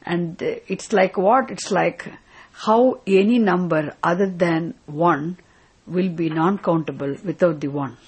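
A woman's voice: on the low side, measured pace, slightly rough, poor audio. A woman teaching a scripture class, asking questions, repeating her points and checking with "isn't it?". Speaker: spiritual teacher.

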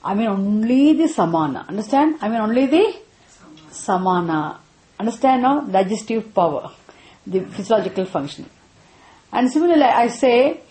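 Lady teaching a class, higher voice, keeps asking "understand?", roomy echo. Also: sing-song, normal speed, mellow. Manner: repetitive, checks students with frequent questions. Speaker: spiritual teacher. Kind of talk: interactive scripture class. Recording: echoey room.

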